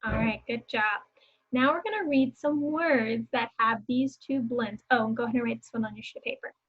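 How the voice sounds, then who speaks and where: Young female teacher, slightly high voice, slow phonics delivery, encouraging, muffled home recording. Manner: slow, clearly sounding out words and letters; encouraging, repeats words for students to echo. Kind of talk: phonics lesson for young children.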